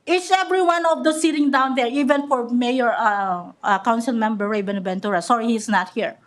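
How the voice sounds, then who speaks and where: A woman with a high voice speaks at a podium microphone in a council chamber. She is angry and accusatory, and she stumbles and repeats her words as she gives her public comment. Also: fairly quick.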